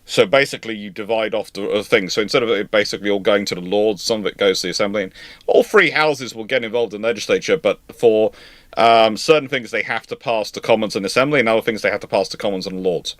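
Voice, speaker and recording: A man's voice: on the low side, fast talker, a bit bright, no room sound. A man hosting a live question-and-answer stream, explaining at length in a rambling way with frequent restarts. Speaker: host. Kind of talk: live viewer Q&A.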